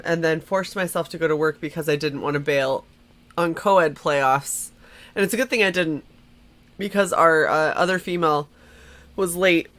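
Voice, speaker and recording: Congested chatty woman, bright voice. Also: sits low. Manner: chatty, laughs often. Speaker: player. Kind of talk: casual chat.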